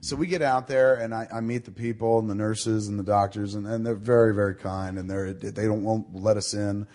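A middle-aged man hosting a casual talk show, telling a long anecdote with a fairly low voice. He swears often and animates the story by quoting the people in it. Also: little pitch movement, a little fast, a little mellow. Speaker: podcast host.

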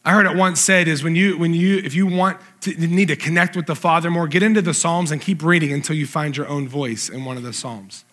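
A man's voice: fairly high pitch, steady tone, fairly quick, few pauses, fairly bright tone. A man preaching a sermon, earnestly reading and explaining scripture. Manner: earnest, reads scripture aloud with emphasis. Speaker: pastor.

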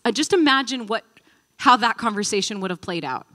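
Woman Bible teacher, lively storyteller who acts out scenes, casual and conversational. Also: a little high, fairly quick. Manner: animated storyteller, acting out quotes; conversational, thinking aloud.

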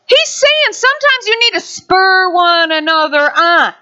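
A woman pastor preaching a sermon in an animated way, breaking into quick voices. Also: very high voice. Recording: dull lo-fi sound.

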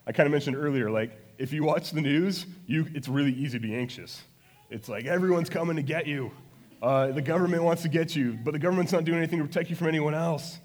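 A man preaching a casual, chatty sermon as pastor, self-deprecating and now and then acting out prayers with sudden loud passion. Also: fairly high pitch, fast. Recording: long hall reverb.

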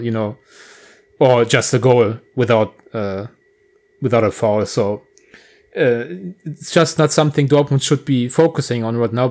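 A man analyzing football tactics in a casual podcast discussion, explaining at length with occasional fillers. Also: medium pitch.

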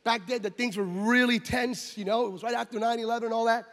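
A man from the United States, a pastor, telling a story in a sermon and acting out the scenes with loud exclamations and voices. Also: extremely high pitch, steady tone, fast. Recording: long hall reverb.

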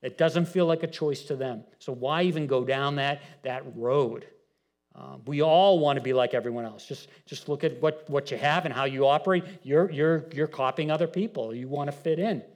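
A middle-aged male pastor giving a conversational sermon, often repeating words and rising in pitch when he makes a point. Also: moderate pace, a little mellow.

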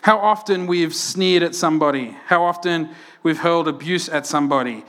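A man preaching a sermon, telling stories and acting out quotes with lively energy. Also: a little high, moderate pace. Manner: animated storytelling, acts out quotes loudly. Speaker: pastor.

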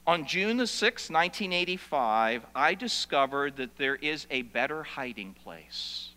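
A man preaching a sermon, telling stories that swing from loud to hushed. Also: a little high, expressive, measured pace. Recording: long reverb of a large hall.

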